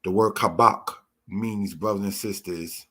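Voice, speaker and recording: A man with a low, husky voice gives a scripture lesson at an unhurried pace. He explains each word patiently and keeps calling his listeners brothers and sisters. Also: fairly even intonation, a bit bright. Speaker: Torah teacher. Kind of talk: slow spoken Bible lesson.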